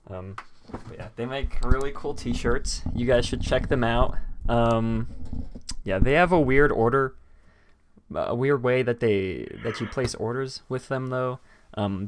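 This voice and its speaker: A man's voice: mid-range voice, no room sound, clean studio sound. A man hosting a casual live stream chat, rambling with many fillers and restarts. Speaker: host.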